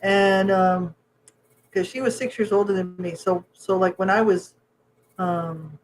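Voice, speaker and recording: A woman co-hosting a casual podcast chat who talks in a chatty way, laughs often and lets her sentences trail off softly. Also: mid-range voice, fairly even intonation, a little slow, faint music behind, poor audio. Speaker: podcast co-host.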